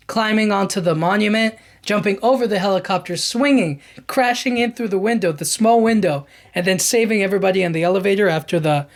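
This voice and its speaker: A man hosting a podcast, recapping film scenes in a casual, animated way with lots of fillers and restarts. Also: sits high. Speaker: podcast host.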